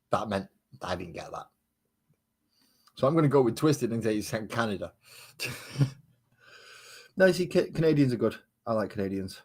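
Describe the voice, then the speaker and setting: A man's voice: fairly low pitch, darkish tone, husky. A man chats casually on a live stream while painting miniatures, trading sarcastic banter with viewers and muttering to himself as he works.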